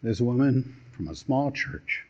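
A man pastor preaching a sermon, telling a story with dramatic pauses and a storytelling delivery. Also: medium pitch, expressive, darkish tone. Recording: dull lo-fi sermon recording.

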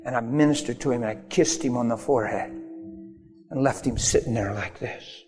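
Against long hall reverb and faint music, a man preaches a sermon through storytelling in a mid-range voice at normal speed. His delivery is emphatic and builds to sudden bursts.

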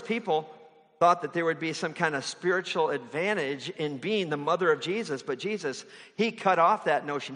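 A man's voice: fairly high pitch, a bit bright. A man giving a conversational sermon, asking his listeners rhetorical questions as he explains a passage. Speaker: preacher. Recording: long hall reverb.

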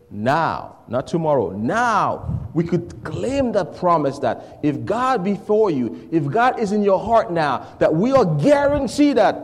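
A high-voiced, very animated male preacher leads a call-and-response sermon. He throws questions to the congregation and lets them fill in the words. His voice drops soft and then climbs to shouts, with a long reverb trailing behind it in a church hall.

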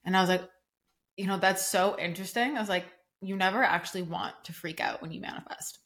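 A woman's voice: medium pitch, a little fast, fairly bright tone. Emphatic, casual young woman podcaster. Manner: casual, emphatic, fillers like "like", acts out quoted reactions. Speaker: podcast host and coach. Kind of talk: solo podcast talk.

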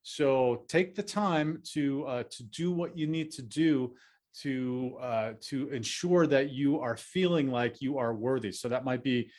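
A man's voice: medium pitch, a little slow, darkish tone. A man hosting an advice podcast, speaking earnestly and reassuringly, with many fillers and restarts. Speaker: podcast host.

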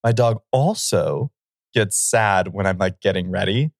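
A man's voice: low voice, a little slow, creaky, no room sound. A man co-hosting a podcast, telling a rambling self-amused story in casual chat at a close studio mic. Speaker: podcast co-host.

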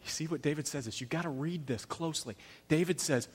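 A man's voice: a little high, quick pace, slightly rough. Dramatic preacher, man. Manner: dramatic storyteller, swings from loud to hushed, acts out quotes. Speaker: pastor. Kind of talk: sermon.

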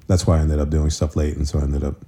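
A middle-aged married man chatting casually on a podcast, rambling through stories and leaping up in pitch when he quotes others. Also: monotone, quick pace, mellow. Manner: rambling storyteller, jumps pitch for quoted voices. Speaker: podcast co-host. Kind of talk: casual chat.

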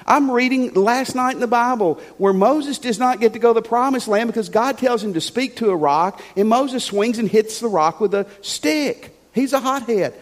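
A man's voice: very high-pitched, normal speed, few pauses, in a large hall. A man preaching a sermon as a pastor, emphatic and conversational, with frequent rhetorical questions. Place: church sanctuary.

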